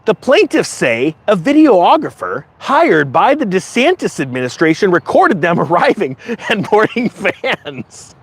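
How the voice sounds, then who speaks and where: Sarcastic male commentary host, high and animated, slips into mocking voices. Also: unhurried, few pauses, slightly rough.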